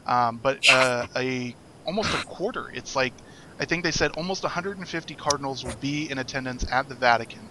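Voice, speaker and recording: A man's voice: medium pitch, fairly quick, background noise. A young man co-hosting a podcast in casual chat, rambling with many fillers and frequent laughs. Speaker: podcast co-host.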